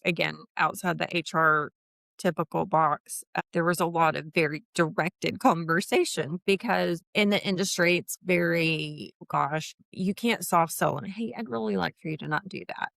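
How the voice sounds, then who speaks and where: A woman's voice: fairly low pitch, vocal fry, fairly bright tone, no echo, clean studio sound. A woman in her fifties, a guest in a casual interview, chatting about her HR consulting work and acting out quoted dialogue with laughs. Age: 50s.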